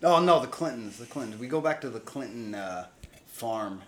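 A young man co-hosting a podcast, loud and crude in casual banter, in an echoey room. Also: medium pitch, lively intonation, moderate pace. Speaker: podcast co-host.

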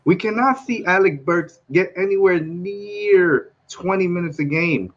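A man co-hosting a casual sports talk show, animated and repeating himself to make his points. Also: high voice, unhurried, lo-fi sound. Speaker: podcast co-host.

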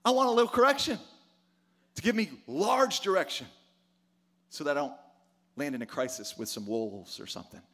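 A man's voice: fairly high pitch, moderate pace, long pauses, bright, forceful tone. A middle-aged man preaching a sermon, emphatic, asking rhetorical questions and calling for responses from the congregation. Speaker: pastor.

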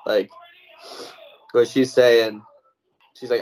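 A man's voice: medium pitch, little pitch movement, slow, pauses often, a little mellow, poor audio. A young man co-hosting a podcast, talking bluntly and swearing in casual chat. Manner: blunt, swearing, asks questions. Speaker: podcast co-host.

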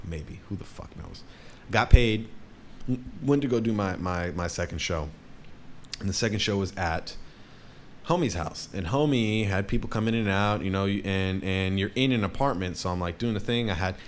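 Young man, low voice, casual storytelling, swears a lot, faint background noise. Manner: profane, rambling, animated voices for quotes. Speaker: DJ telling a story.

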